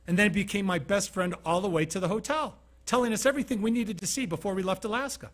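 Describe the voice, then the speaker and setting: A man's voice: sits high, quick pace. A man from Utah giving a motivational keynote talk, telling stories conversationally and asking the audience questions. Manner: conversational storytelling, asks the audience questions, acts out scenes. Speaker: keynote speaker.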